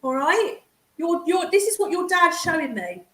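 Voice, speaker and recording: A woman's voice: very high voice, big pitch swings, moderate pace, sharp tone, reverberant. A woman giving a psychic reading as a medium, chatty and affectionate, calling the sitter darling.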